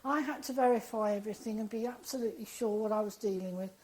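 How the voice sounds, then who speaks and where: A woman, an interview guest, telling a personal story in a lively, animated way and acting out the dialogue she quotes. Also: fairly high pitch, fast, rough recording.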